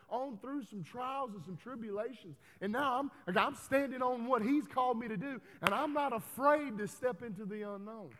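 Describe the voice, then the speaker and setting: Man, pastor, high voice, folksy sermon, long hall reverb. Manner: folksy, preachy, builds to loud emphatic calls. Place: church hall.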